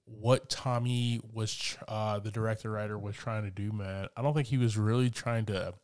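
A man's voice: on the low side, steady tone, normal speed, clear, resonant tone, dry recording. Laid-back man chatting, dry close sound. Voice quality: laid-back, says "man" a lot, many fillers. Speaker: movie review podcast co-host. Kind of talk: casual chat.

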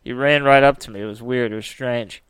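A man's voice: mid-range voice, brisk, smooth, no room sound. A young man in casual chat, telling stories with lots of slang and swearing. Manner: animated storytelling, heavy slang and swearing.

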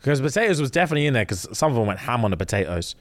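Animated young man telling a story. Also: mid-range voice, rapid-fire. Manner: animated storyteller, acts out quoted people. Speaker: podcast co-host. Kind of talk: casual chat.

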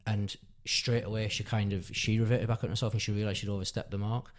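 A father in his thirties, speaking quickly in a fairly low voice with little pitch movement, tells a long personal story on a podcast. He rambles in casual conversation, correcting himself earnestly along the way.

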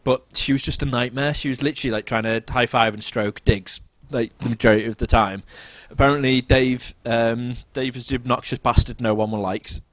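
A man's voice: fairly quick, few pauses, no echo. Man, podcast co-host, casual storytelling, dry close sound. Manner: animated, jumps into high-pitched quoted voices.

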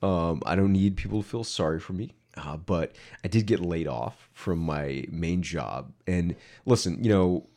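A man co-hosting a casual podcast, speaking in a dry, deadpan way. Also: low voice, measured pace, few pauses. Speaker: podcast co-host.

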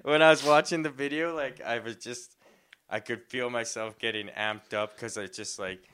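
A man's voice: medium pitch, fairly even intonation, normal speed, fairly bright tone, clear, resonant tone. A young man co-hosting a podcast, telling stories in casual chat, rambling with many fillers and restarts. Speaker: podcast co-host.

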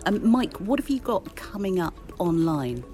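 A woman co-hosting a daily news round-up, her voice on the low side but moving freely in pitch. She talks in a chatty, playful way over a faint music bed. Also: big pitch swings, moderate pace, mellow. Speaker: news podcast co-host. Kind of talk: upbeat news round-up chat.

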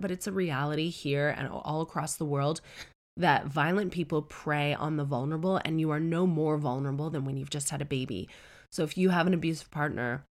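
A woman in her forties telling a comic story in a blunt, sweary, animated way, switching voices for quotes. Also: sits low.

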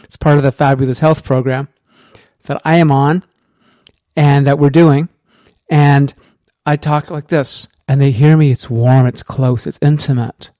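A man's voice: medium pitch, fairly even intonation, unhurried, warm tone, no echo. A middle-aged man coaching casually on voice, enthusiastic and rambling, speaking close to the microphone. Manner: enthusiastic, rambling, self-promoting.

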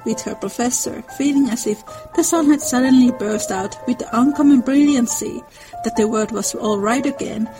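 A woman giving an expressive dramatic reading of a classic novel, narrating and voicing the characters. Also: fairly high pitch, normal speed, over music, low-quality recording. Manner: expressive storytelling.

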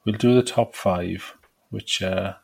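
Low gravelly male co-host. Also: slow pace. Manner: relaxed quiz-style prompting. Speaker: podcast co-host. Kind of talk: casual chat.

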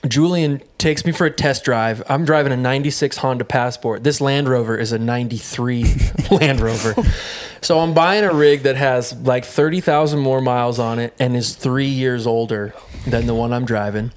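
A young man telling a comedic story in a casual, profane, animated way, laughing often. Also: mid-range voice, normal speed, slight background noise.

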